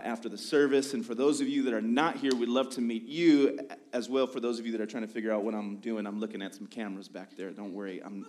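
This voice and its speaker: Joking pastor, low male voice. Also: darkish tone. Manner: joking, tangent-prone, self-deprecating. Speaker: lead pastor. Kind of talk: sermon with casual storytelling. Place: church sanctuary.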